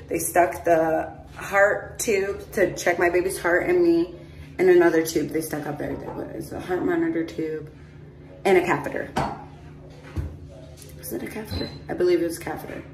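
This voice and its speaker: A woman's voice: on the low side, fairly even intonation, moderate pace, slight background noise. Chatty woman vlogging on a distant phone. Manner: chatty, rambling, frequent "like" and "mind you". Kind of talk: casual storytelling to camera. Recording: roomy echo, phone held at a distance.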